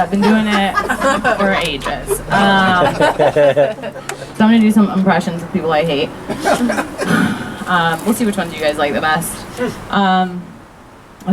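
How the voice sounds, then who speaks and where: A woman's voice: medium pitch, unhurried, long pauses. A woman in her thirties doing a stand-up set on a backyard stage, self-deprecating and crude, laughing through her own lines. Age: 30s. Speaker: stand-up comedian. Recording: crowd audible. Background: laughing crowd.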